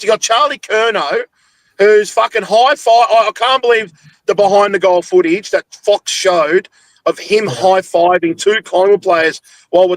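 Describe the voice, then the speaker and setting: A man's voice: high-pitched, dry recording, poor audio. A young Australian man with a football podcast, in a heated, sweary rant about his club after a loss. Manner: angry, sweary, ranting. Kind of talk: heated post-game rant.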